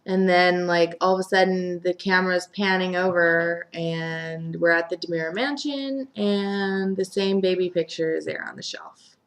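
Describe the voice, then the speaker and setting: Chatty young woman with a lowish voice. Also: fairly even intonation, a little slow. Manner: chatty, filler-heavy, acts out quotes. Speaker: host. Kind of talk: casual soap opera recap chat.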